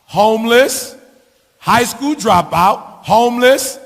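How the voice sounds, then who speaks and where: A man's voice: extremely high pitch, animated, slow, vocal fry. A middle-aged man giving a motivational speech, preaching with a sing-song rhythm and piling up rhetorical questions. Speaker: motivational speaker. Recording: long hall reverb.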